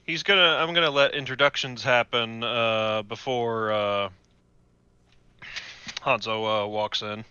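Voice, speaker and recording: A man's voice: mid-range voice, fairly even intonation, measured pace, pauses often, pushed and bright, smooth, no echo, muffled recording. A man playing in a casual tabletop game, giving brief, hesitant replies. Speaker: player.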